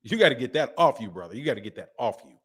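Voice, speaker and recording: A man's voice: mid-range voice, very animated, racing, breathy edge. A man in his fifties hosting a boxing channel, talking in loose slangy live-stream chat and laughing often. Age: 50s.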